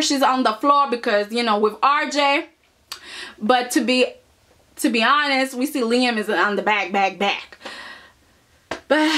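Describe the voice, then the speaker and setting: A woman's voice: a little high, a bit bright. A woman casually recapping a soap opera episode, sassy and chatty, with mock voices for the characters.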